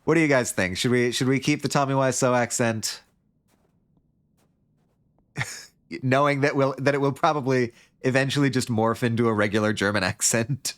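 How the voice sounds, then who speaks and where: A man's voice: medium pitch, fairly even intonation, moderate pace, long pauses. A man streaming a story game, reading its text aloud with playful asides.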